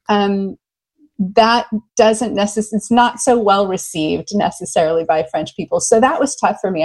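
A woman's voice: mid-range voice, low-quality recording. Enthusiastic American woman love coach. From United States. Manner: enthusiastic, animated storyteller. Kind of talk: conversational interview.

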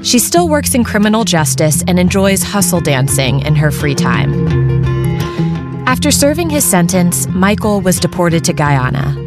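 A woman host calmly introducing and wrapping up stories on a show. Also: fairly low pitch, normal speed. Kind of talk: radio show host narration. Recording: loud music and crowd behind.

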